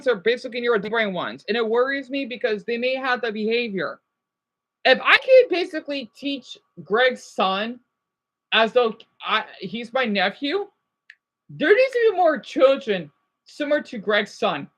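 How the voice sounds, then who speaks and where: A man's voice: very high voice, big pitch swings, measured pace, fairly bright tone. A man in his thirties ranting in a rambling, agitated commentary vlog, swearing often and then apologizing. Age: 30s. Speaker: vlogger.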